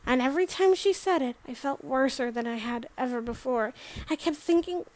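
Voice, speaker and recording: A woman's voice: high-pitched, moderate pace, a little mellow. A woman reading a novel aloud as a first-person letter, giving the quoted lines their own voices. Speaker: audiobook reader.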